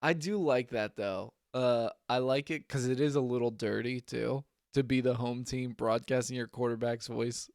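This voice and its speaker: A young man co-hosts a sports podcast in an easygoing way. His voice has a gravelly edge, and the sound is dry and close with little room. He laughs often as he recaps plays. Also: mid-range voice, fairly even intonation, normal speed, hardly any pauses, a little mellow, no echo. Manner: laid-back, laughs often. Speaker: podcast co-host. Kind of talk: casual sports chat.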